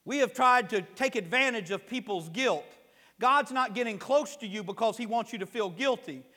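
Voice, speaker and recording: A male pastor preaching a conversational sermon that swells to loud, emphatic peaks, in a church sanctuary. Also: very high voice, expressive, moderate pace, in a large hall.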